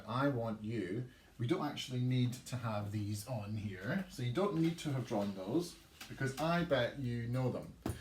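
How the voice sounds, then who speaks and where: Lively music teacher in an echoey room. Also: male voice, medium pitch. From England. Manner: sings out rhythm words, lively and encouraging. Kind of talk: recorded online music lesson for children. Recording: echoey room, faint noise.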